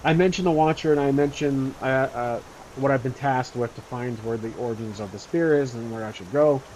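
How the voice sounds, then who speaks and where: A man's voice: medium pitch, brisk, a little mellow, a little hiss or hum, poor audio. Casual man narrating a solo roleplay game. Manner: rambling, casual, many fillers. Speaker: solo tabletop role-player.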